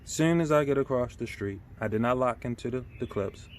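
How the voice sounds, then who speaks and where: Speaking a little fast at medium pitch over slight background noise, a middle-aged man vents in a casual rant for his vlog. Angry, he circles back to the same points, curses, and frequently tosses in "right?".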